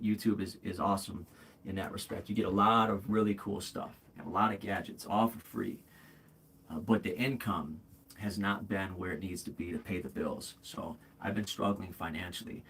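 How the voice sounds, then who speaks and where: There's a little hiss or hum as a man in his forties hosts a casual livestream, his low voice a bit bright. He rambles candidly with lots of fillers and restarts, calling viewers "bro" and "man."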